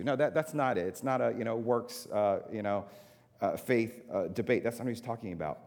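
A man's voice: mid-range voice, lively intonation, moderate pace, darkish tone. A man preaching a sermon, repeating words for emphasis and turning to the congregation with casual asides. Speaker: pastor. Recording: long hall reverb.

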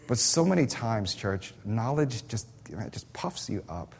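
With hall reverb echoing around him in the church sanctuary, a pastor preaches in a lowish, sing-song voice that's a bit slow, slightly rough and full of vocal fry. His sermon is impassioned and emphatic, built on repeated words.

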